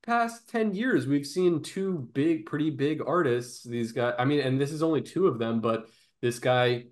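A man's voice: mid-range voice, a little slow. A man hosting a podcast, telling long stories in a rambling way, with frequent restarts. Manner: rambling storyteller, restarts often. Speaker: podcast host. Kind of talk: casual podcast chat.

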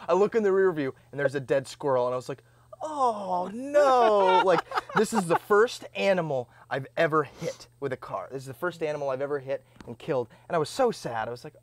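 A young Indiana man with a high voice co-hosts a podcast, chatting casually and acting out his own reactions as he tells stories. The recording has no room sound.

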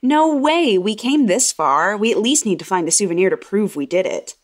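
A woman's voice: medium pitch, animated, moderate pace, lightly acted. A woman voicing a bold, impatient teenage girl who scoffs at her scared friend in a spoken horror story. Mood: defiant. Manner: pushy, scoffing.

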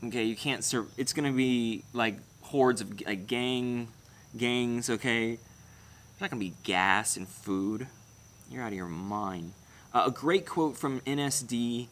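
A young man talks casually through viewer comments in a rambling, blunt way, swearing freely as he goes. His voice sits at an ordinary middle pitch. A faint background hiss is heard behind him. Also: measured pace, fairly bright tone. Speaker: channel host. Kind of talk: casual livestream comment chat.

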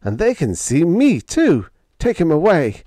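A man voicing an excitable male radio operator on a spaceship, howling his complaints in a storybook reading. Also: mid-range voice, a little slow, dry recording, clean studio sound, voice pushed up. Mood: outraged.

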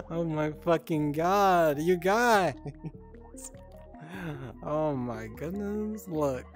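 A woman's voice: fairly low pitch, expressive, extremely slow, soft background music. A woman streamer reading out chat messages in casual talk, giggling, flustered and swearing a lot, often stuttering.

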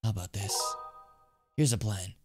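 A man voicing a shy, eager young man obsessed with collecting bugs, reading game dialogue aloud in a low, confiding tone. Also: moderate pace, music in the background, natural voice.

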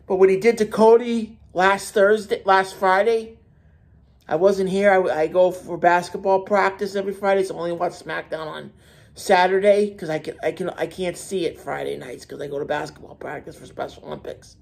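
A man with a high-pitched, gravelly voice speaks at normal speed in a steady tone. He hosts his own wrestling commentary channel, ranting solo with heated emphasis, restating his points and restarting words.

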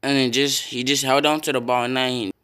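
A young man casually commenting on his own football video game, swearing and breaking into loud yells at big plays. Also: medium pitch, flat delivery, brisk, clean tone. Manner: reactive, swears often, bursts into loud yells.

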